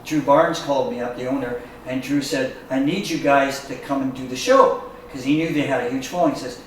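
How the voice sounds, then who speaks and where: A man's voice: medium pitch, brisk, a little hiss or hum. A man telling rock-and-roll stories in a casual chat, acting out the voices of the people in his anecdotes. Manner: animated storyteller who acts out quotes. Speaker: guest musician. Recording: echoey room picked up from a distance.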